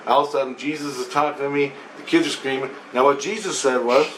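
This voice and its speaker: A man rambles through a personal story in an animated, repetitive way, his voice at an everyday middle pitch. The room around him is roomy and echoey, with a faint ambient hum. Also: quick pace. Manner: rambling, animated, repeats himself. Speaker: vlogger. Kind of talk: casual spoken account.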